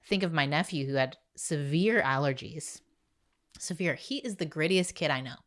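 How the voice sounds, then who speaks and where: A woman in her forties hosting a casual parenting podcast, chatty and animated with quick asides. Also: deep voice. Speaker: podcast host. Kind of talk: casual chat.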